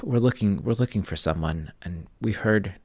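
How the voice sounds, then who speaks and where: A man voicing an earnest young woman adventurer who speaks in a halting, stumbling way. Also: on the low side, darkish tone, no echo, pitched above the performer's own voice. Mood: anxious.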